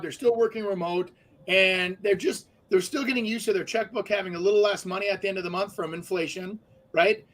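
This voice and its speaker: A man's voice: sits high, fairly bright tone. A man co-hosting a radio show, chatting casually with lots of fillers and restarts. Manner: talkative, many fillers and restarts.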